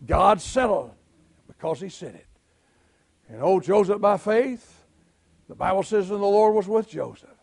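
A middle-aged man with a Southern US accent preaching a sermon, telling folksy stories and swelling into shouts. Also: high-pitched, lively intonation, normal speed, vocal fry, pauses often, breathy edge. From Southern United States. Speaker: pastor.

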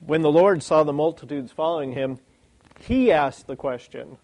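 A man preaching a sermon, animated and full of rhetorical questions. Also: a little high, moderate pace, rough recording.

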